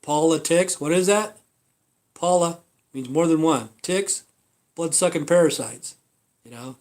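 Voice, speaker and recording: A man's voice: a little high, unhurried, a little mellow. A man hosting a livestream, ranting casually in a blunt, profane way with lots of repeated fillers. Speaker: livestream host. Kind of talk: rambling casual rant.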